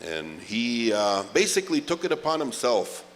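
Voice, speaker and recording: A man's voice: mid-range voice, very animated, normal speed, slight background noise. A middle-aged man, emceeing a powwow in a chatty, joking way and drawing out the names he calls. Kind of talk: live event announcing. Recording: reverberant arena PA sound.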